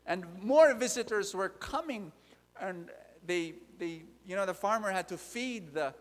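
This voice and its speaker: Animated preacher in a reverberant hall. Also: male voice, sits high, measured pace. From Philippines. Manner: animated, repetitive, direct questions to the audience. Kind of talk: sermon. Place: large convention hall. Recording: long reverb of a large hall.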